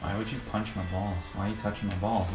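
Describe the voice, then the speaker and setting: A man's voice: lowish voice, little pitch movement, fast, darkish tone, soft background music. A man playing a game and chatting casually, tossing off dry, offhand remarks. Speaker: let's play player. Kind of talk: casual gaming chat. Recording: echoey room with noise.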